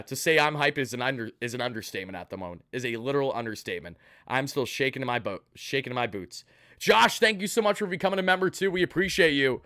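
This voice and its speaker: A man's voice: a little high, sharp tone, dry recording, clean studio sound. A man hosting a live postgame stream, hyped and thanking donors one after another. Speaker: sports channel host.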